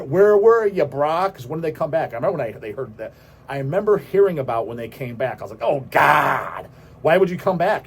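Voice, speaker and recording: A man hosting a metal vlog, ranting in a rambling, heavily profane monologue that now and then bursts into shouts. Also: mid-range voice, a little hiss or hum. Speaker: host of a metal vlog channel.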